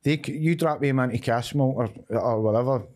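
A man's voice: mid-range voice, brisk, a little mellow. A middle-aged Glaswegian man in casual conversation, talking bluntly and animatedly and swearing freely. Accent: Glaswegian Scottish. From Scotland. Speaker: podcast guest, former footballer. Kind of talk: casual chat.

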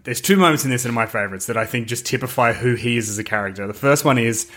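A man in casual conversation about a film, animated and laughing as he retells his favorite scenes. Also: mid-range voice, very fast. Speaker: film podcast co-host. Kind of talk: casual film review chat.

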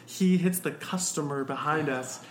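Bright-voiced young man telling a story. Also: fairly high pitch, moderate pace, echoey room. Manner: animated, rambling with many fillers and restarts. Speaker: guest. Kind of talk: casual storytelling chat.

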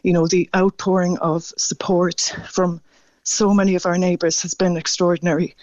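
A man calling in to a radio show, speaking haltingly and stammering as he grows emotional. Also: high-pitched, level tone, darkish tone, no echo, muffled recording. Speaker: radio caller. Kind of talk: phone-in radio chat.

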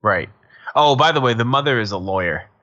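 A man's voice: medium pitch, lively intonation, a little fast, pushed and bright, lo-fi sound. A man co-hosting a podcast, recapping a TV episode in casual, rambling chat that drifts into asides. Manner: rambling, digressive, laughs often. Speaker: podcast co-host.

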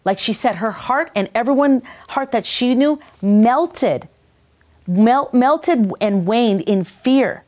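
A woman's voice: a little high, expressive, slow pace, darkish tone. Earnest woman with a Minnesota accent. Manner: earnest, enthusiastic, preacherly. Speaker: ministry talk show host. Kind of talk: faith-based talk show monologue.

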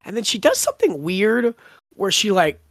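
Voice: medium pitch, huge pitch swings, normal speed, dry recording, clean studio sound. A podcast host in casual book discussion, retelling scenes with a laugh and quoting lines.

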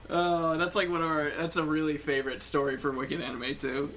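A man's voice: a little high, steady tone, moderate pace, a loud crowd. A man hosting a casual podcast chat, cheerful and asking the others questions. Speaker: podcast host.

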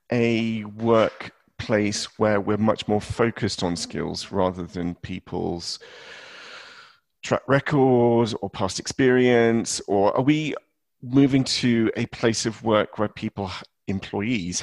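A man hosting a podcast in casual conversation, chatty and self-deprecating with quick asides. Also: fairly low pitch, dry recording. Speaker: podcast host.

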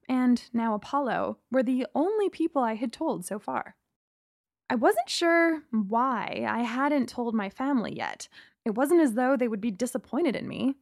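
A young woman reading a first-person story in a reflective, measured way. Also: on the high side, no echo, clean studio sound. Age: young adult. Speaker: narrator.

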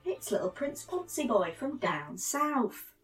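A woman's voice: on the high side, big pitch swings, measured pace, recorded from a distance, soft background music. Giggly Northern English woman. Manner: giggly, breaks into laughter between takes. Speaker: voice actor. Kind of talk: blooper takes of a mock advert read.

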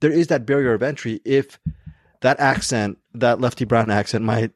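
A man's voice: medium pitch, normal speed, no echo, clean studio sound. A man hosting a film podcast, moving the segments along and giving his own take. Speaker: podcast host. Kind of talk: casual movie review chat.

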